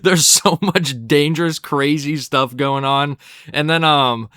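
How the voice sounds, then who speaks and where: A young man with a bright, forward voice talks through a cartoon ranking in a loose, rambling way, swearing freely and laughing at the jokes he recalls. The sound is dry and close, with no room around it. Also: on the high side, a little slow, no room sound. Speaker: episode reviewer. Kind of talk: casual ranking commentary.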